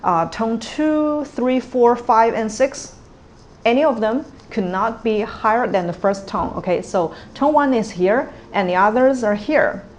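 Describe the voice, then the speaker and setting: A woman teaching a language lesson at a slow, deliberate pace, often checking in with "okay" and "all right". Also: on the high side, expressive, a little hiss or hum. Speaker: Cantonese teacher.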